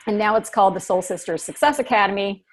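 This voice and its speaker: A woman with a mid-pitched voice hosts an interview. She keeps an upbeat, chatty manner as she leads the talk. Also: fast, a little hiss or hum. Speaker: host, business coach. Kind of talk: interview hosting.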